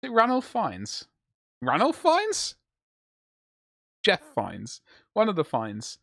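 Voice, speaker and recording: A man chatting away on a live stream as he paints, with a lively, swooping delivery. He rambles and jokes through loose, casual banter. His voice sits close and dry, with no room sound. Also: high voice, slow, gravelly, no room sound. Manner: rambling, jokey banter with chat. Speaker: livestreamer.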